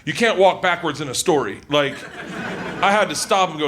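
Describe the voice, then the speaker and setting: A man doing stand-up, telling a rowdy story loudly, laughing and acting out the characters. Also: fairly high pitch, expressive, moderate pace, noisy background. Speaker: stand-up comedian.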